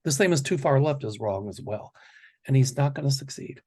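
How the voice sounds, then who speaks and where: A man's voice: medium pitch, animated, fairly quick, darkish tone. A man hosting a psychic predictions show, talking in a rambling, confident, casual way. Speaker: psychic host.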